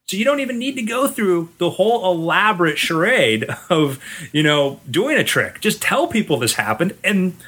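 Bright-voiced man holding forth. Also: sits high, very animated, normal speed, breathy edge. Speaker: podcast co-host, magician. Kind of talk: casual chat.

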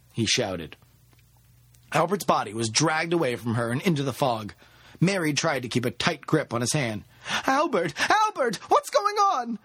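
A man reads an audiobook in a husky voice, his pitch moving expressively through the sentences. The sound is dry and close to the mic. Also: dry recording. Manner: expressive storytelling. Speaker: narrator. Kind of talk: audiobook narration.

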